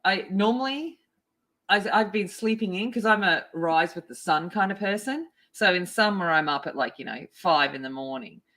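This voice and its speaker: A woman hosting a coloring livestream, chatting casually and excitedly greeting her viewers by name. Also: fairly low pitch, normal speed. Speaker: art livestream host.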